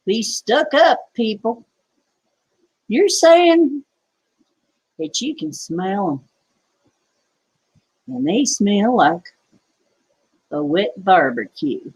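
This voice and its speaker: Slow, animated woman livestreaming. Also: medium pitch, husky, rough recording. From United States. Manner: rambling, reads out and answers chat comments, conspiratorial asides. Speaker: livestream host. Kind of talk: casual livestream chat with viewers.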